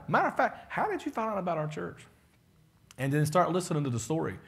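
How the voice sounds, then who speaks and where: Pastor man, fairly high voice, folksy and joking, acts out people he quotes. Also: very animated, brisk. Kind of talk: casual leadership talk to a congregation.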